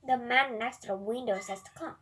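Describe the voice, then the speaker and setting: A woman's voice: fairly high pitch, fairly quick, a bit bright, breathy edge. A woman whose first language is Korean reading a children's storybook aloud carefully, correcting small slips as she goes. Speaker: reader.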